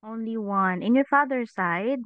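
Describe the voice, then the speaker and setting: A woman teaching an online English class to children, patient, with a steady stream of questions and "okay"s. Her voice is fairly high and smooth. It comes through thin, phone-like call audio with no room sound. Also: unhurried, no echo. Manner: patient, asks questions, says "okay" often. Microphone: video call microphone.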